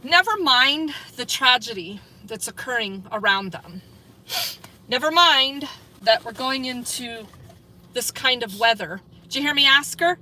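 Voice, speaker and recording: A woman livestreaming on a city street from a phone, giving sarcastic commentary on police and at times shouting at them. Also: high-pitched, animated, a little slow, low-quality recording. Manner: sarcastic, turns to loud shouting at officers. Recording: street recording with traffic noise.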